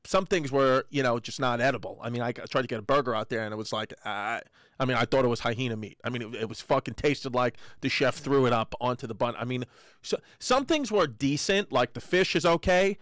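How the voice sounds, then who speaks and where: A man's voice: mid-range voice, fairly quick, a bit bright, no echo, studio quality. A man co-hosting a comedy podcast, teasing his partner and telling rambling, crude travel stories. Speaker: podcast co-host.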